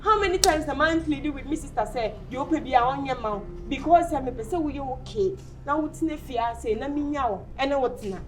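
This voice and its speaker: A woman's voice: high-pitched, moderate pace, darkish tone, lightly acted. A woman with a Ghanaian accent acting as an upset young woman confronting her lover, pleading and accusing. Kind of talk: amateur drama acting.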